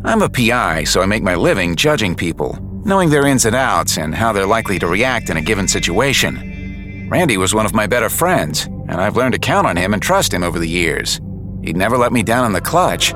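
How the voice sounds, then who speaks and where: Guy narrating a detective audiobook, wry tough-guy vibe, lowish voice, lots of pitch movement. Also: sing-song, a little fast, music in the background. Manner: wry, hard-boiled detective tone. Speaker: audiobook narrator and lead character. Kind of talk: first-person audiobook narration.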